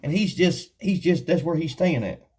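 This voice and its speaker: A man teaching the Bible in a casual, folksy storytelling way, with frequent laughs, and reading scripture slowly and deliberately. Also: on the high side, lively intonation, darkish tone, slightly rough.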